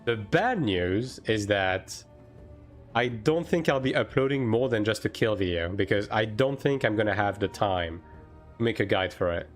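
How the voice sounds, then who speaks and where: A man chatting casually on a live game stream, answering chat with lots of fillers and quick bursts. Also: fairly low pitch, lively intonation, soft background music.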